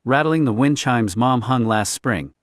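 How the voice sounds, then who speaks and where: A man reading a story aloud in a quiet, clipped, understated way. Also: medium pitch, unhurried, no room sound, studio quality. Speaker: narrator. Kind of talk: scripted story narration.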